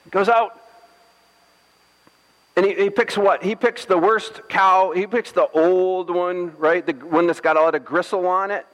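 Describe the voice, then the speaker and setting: Pastor, male, high voice, playful storyteller, long church reverb. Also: steady tone, measured pace, fairly bright tone. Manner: playful storytelling, acting out scripture with jokes. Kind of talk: sermon.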